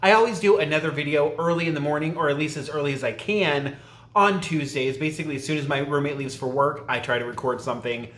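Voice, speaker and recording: A man's voice: a little high, fast talker, fairly bright tone. Chatty man in an echoey room. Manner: rambling, self-interrupting, laughs often. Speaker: YouTube vlogger. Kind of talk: casual chatty tag video.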